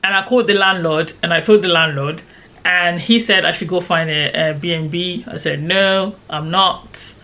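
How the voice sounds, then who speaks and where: A woman's voice: lowish voice, moderate pace. A young woman, dramatically retelling a personal story in a casual vlog. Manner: animated, dramatic retelling with quoted shouts. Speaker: storyteller vlogger.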